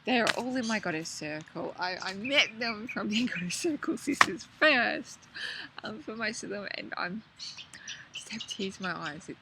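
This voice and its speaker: A woman talking casually and warmly to camera, gushing and excitable, jumping from hushed whispers to high squeals. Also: moderate pace, heavy background noise. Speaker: spiritual vlogger. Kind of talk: casual heartfelt monologue to camera.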